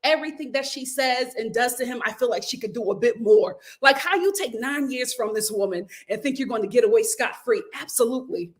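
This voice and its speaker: A woman hosting a casual vlog, recapping a reality show with animated, opinionated commentary and frequent laughter. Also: a little high, a little fast, few pauses.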